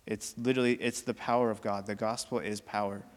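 A man giving a personal testimony in church, earnest and halting with many fillers. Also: lowish voice, flat delivery. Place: church auditorium. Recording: reverberant hall sound.

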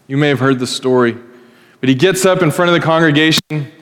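Male pastor, fairly high-pitched, conversational storyteller preaching in a reverberant hall. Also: a little fast, fairly bright tone. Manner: conversational storytelling, acts out quoted voices. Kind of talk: sermon. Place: church hall.

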